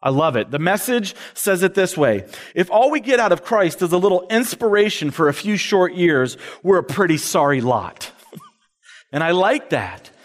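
A high-pitched male preacher gives an animated sermon to college students and acts out the voices he quotes. His voice rings with a long reverb from the large hall he speaks in. He talks like a campus minister addressing his students. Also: normal speed.

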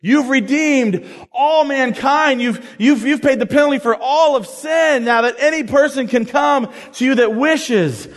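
A man's voice: very high voice, measured pace, few pauses, voice pushed up. A man voicing the archangel Gabriel, a big reverent male angel who talks eagerly and stammers. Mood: praising. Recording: long hall reverb.

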